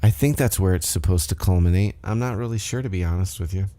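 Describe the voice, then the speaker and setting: A man with a lowish, mellow voice recaps a wrestling show on his podcast. His talk is loose and profane, full of side remarks and self-corrections. He speaks into a desk microphone in a home setup. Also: fast talker. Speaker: podcast host.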